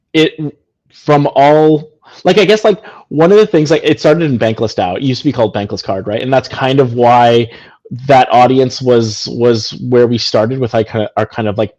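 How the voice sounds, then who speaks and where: A man's voice: mid-range voice, darkish tone. Male founder, mid voice, earnest and meandering, dull call audio. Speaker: founder being interviewed. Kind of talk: casual conversation.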